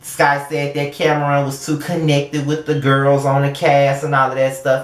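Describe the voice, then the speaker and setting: A man's voice: medium pitch, monotone, moderate pace. Blunt, profane man in an echoey room. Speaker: show reviewer. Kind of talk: casual commentary.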